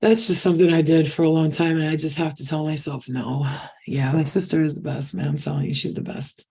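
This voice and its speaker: A woman reading tarot and channeling, telling stories in a casual, excitable livestream chat with lots of swearing. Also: low-pitched, a little fast, husky. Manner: excitable storytelling with frequent swearing.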